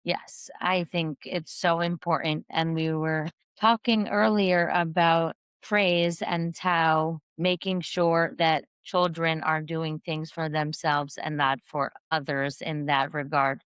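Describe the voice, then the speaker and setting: A woman guest on a podcast, a parent coach and kindergarten teacher, explaining her views in an earnest, measured way. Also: sits low, flat delivery, a bit bright, clear, resonant tone, no echo. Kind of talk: podcast interview.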